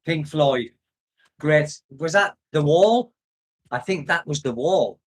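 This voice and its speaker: Older british guy rambling on about the old days in a livestream, laughs a lot, voice sits a bit high. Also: lively intonation, slow pace. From United Kingdom. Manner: rambling, nostalgic, laughs often. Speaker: expat vlogger reading live chat. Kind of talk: casual livestream chat. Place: home in the Philippines.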